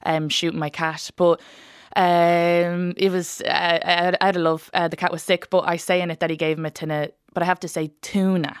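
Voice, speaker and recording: Low-voiced woman telling stories fast. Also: smooth, no echo, clean studio sound. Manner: fast, animated, laughing storyteller. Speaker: stand-up comedian, guest. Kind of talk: casual interview chat, storytelling.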